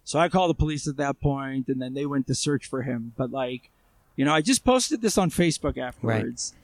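His voice is gravelly, creaky and mid-range, with lively intonation and a brisk pace. He's an armed civilian responder in Israel, a guest telling his story in a loose, conversational way full of fillers and restarts, recorded close with no room sound.

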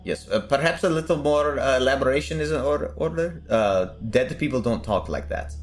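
A man's voice: medium pitch, expressive, moderate pace. A man playing in a tabletop role-playing game, asking rambling, joking questions in casual chat. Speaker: player.

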